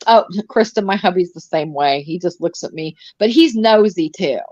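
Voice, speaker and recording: A woman's voice: lowish voice, lively intonation, moderate pace, darkish tone, dry recording. A middle-aged woman in casual live-stream chat, rambling and sarcastic with many restarts. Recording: dull, dry lo-fi stream audio.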